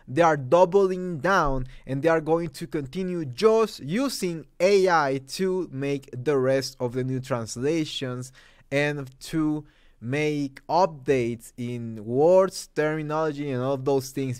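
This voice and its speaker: Mexican-accented male host, Spanish-speaking native, smooth resonant voice, dry close sound, emphatic casual commentary. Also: on the high side, dry recording. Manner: emphatic, conversational, with many asides. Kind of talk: opinion commentary.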